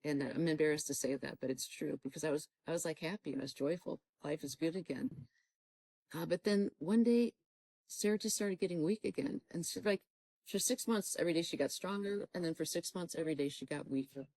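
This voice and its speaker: Woman, middle-aged, low voice, earnest testimony, replays past conversations, dry close sound. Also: fairly quick, darkish tone, no room sound, poor audio. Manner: earnest storytelling, acting out her own past dialogue. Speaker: guest telling her testimony. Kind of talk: emotional personal testimony.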